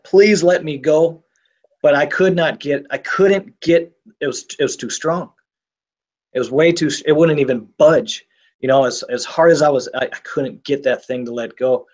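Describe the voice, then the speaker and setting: A middle-aged man telling a personal survival story in an interview, speaking intensely with frequent repeats and restarts. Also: mid-range voice.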